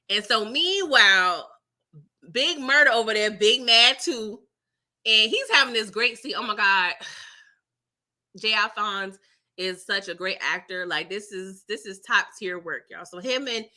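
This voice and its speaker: A woman's voice: a little high, pushed and bright. A woman hosting a live show recap, chatting casually, laughing often and reading viewer comments aloud. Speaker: recap livestream host.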